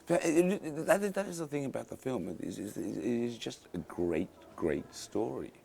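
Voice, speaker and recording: A man's voice: medium pitch, expressive, normal speed, vocal fry, mellow. A man directing a film, interviewed on set, talking casually and enthusiastically with many repeated starts and fillers. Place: film location in a tropical cave.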